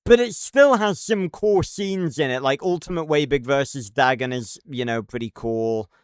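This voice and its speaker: A man's voice: medium pitch, normal speed, smooth, no echo, studio quality. A man ranting casually on a live stream, rambling and cursing, with lots of fillers and restarts. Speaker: livestreamer.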